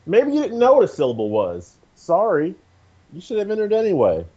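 Lively, playful podcast host. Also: male voice, high voice, brisk, dull audio. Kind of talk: casual podcast chat.

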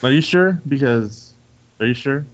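A man co-hosting a casual gaming podcast, his pitch moving up and down a lot as he teases the others. His voice comes through with a dull, lo-fi sound. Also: expressive, measured pace. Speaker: podcast co-host.

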